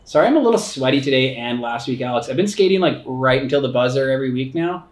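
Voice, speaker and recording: A man's voice: mid-range voice, lively intonation, fast talker, reverberant. A man co-hosting a casual podcast chat, joking and rambling with skater slang. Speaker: podcast co-host.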